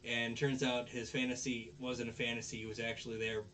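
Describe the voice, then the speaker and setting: A man's voice: medium pitch, a little fast, slight background noise. A man hosting a casual podcast, recapping anime episodes in a rambling way with lots of fillers and restarts, and acting out the characters' lines. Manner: acts out characters' lines in animated voices. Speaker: podcast host.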